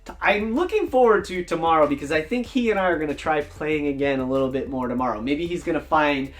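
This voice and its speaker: A man vlogging about running a tabletop game, telling the story in an enthusiastic, animated way. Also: fairly high pitch, fast talker. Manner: animated, enthusiastic, jumps between voices. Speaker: dungeon master, tabletop gaming vlogger. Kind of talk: casual storytelling vlog.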